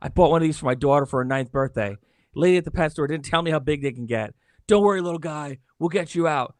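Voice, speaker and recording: Man voicing a middle-aged explorer dad, calm and caring, a touch lifted and dry-miked. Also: fairly high pitch, fast talker, dry recording, pitched above the performer's own voice, lightly acted. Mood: reassuring. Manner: steady warning, reassuring.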